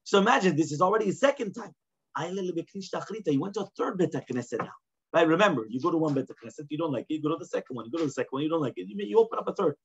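Husky rabbi teaching a Talmud class. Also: male voice, a little high, animated, quick pace. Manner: reads Aramaic lines, then explains them in plain English, often asking "right?". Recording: dull lo-fi class recording.

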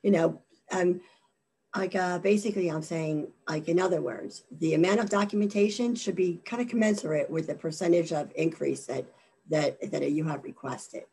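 Husky low-voiced woman presenting a webinar. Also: steady tone, dark tone. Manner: halting, many fillers and repeated words. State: losing her voice from allergies. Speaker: government contracting presenter.

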